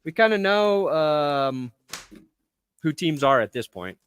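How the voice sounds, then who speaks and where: A man's voice: on the high side, expressive, slow, a bit bright, clean tone. A playful man co-hosting a casual sports podcast, tossing out quips. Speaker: podcast co-host.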